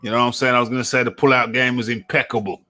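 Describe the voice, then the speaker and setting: Background noise sits behind this mid-range male voice, which races along with little pitch movement. He's a talk show host from England, laughing through a casually bantering story and repeating lines for effect.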